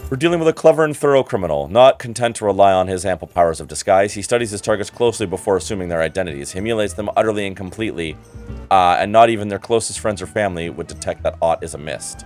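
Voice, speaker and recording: A man's voice: low voice, lively intonation, quick pace, a little mellow, faint music behind. A man reading aloud as a haughty, condescending male investigator from a game, in a formal, cool and superior manner.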